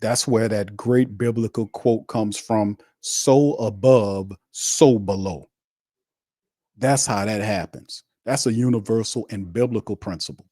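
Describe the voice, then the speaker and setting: A man's voice: lowish voice, steady tone, normal speed, few pauses, a little mellow, dry recording, clean studio sound. A man hosting a sports show, delivering a heated, blunt rant on a live watch stream, repeating his points and mocking the other side. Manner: fiery, blunt and repetitive, with mocking asides.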